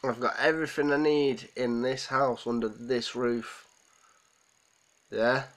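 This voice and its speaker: A man's voice: medium pitch, fairly even intonation, takes it slowly, a bit bright, poor audio. A man hosting a live stream, holding back tears as he rambles and answers viewers' comments. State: close to tears. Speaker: livestream host. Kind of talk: emotional live stream chat.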